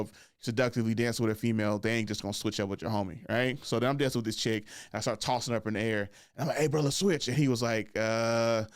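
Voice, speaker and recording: A man in his thirties tells a story on his own podcast, loose and chatty, breaking into laughs and tagging his sentences with "right?". His voice sits in an ordinary middle pitch. The sound is dry and close, with no room echo. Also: smooth. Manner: laughs often, fills with "like" and "right?". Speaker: podcast host. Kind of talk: casual storytelling.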